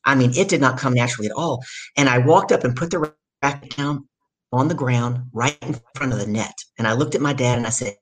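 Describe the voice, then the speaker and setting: A middle-aged woman from the States, telling her story as a guest in an energetic, emphatic way. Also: very deep voice, brisk. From southern United States. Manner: energetic, emphatic storyteller who acts out quotes. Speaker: guest, business speaker. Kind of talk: storytelling in a conversation.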